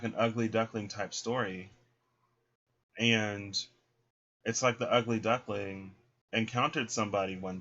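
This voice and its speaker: A man's voice: fairly low pitch, a bit bright, dull audio. A man giving a casual, chatty tarot reading, full of fillers and acted-out quotes. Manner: chatty, filler-heavy, acts out voices in quotes. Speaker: tarot reader.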